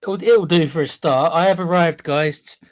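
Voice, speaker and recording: A man's voice: a little high, moderate pace. A man joining a sports livestream as a new presenter, cheerful and eager. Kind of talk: casual chat.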